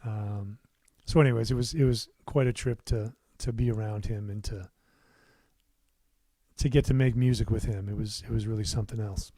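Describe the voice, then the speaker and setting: A man's voice: on the low side, steady tone, normal speed, breathy edge, no echo. Man chatting loosely on a studio livestream. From United States. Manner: rambling, warm asides, many fillers and restarts. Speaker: musician hosting his own livestream. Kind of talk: casual livestream chat. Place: his home recording studio.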